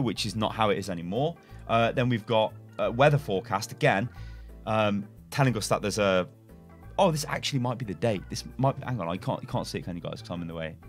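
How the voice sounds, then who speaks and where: A young man thinks out loud in front of his webcam, reading bits of text and guessing at what they mean. His voice rises and falls a lot as he rambles, stumbles over words and corrects himself with little chuckles. Faint music plays behind him. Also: mid-range voice. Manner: rambling speculation with frequent self-corrections and chuckles. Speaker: gaming YouTuber. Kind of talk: casual reaction commentary and reading aloud. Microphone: webcam setup at a desk.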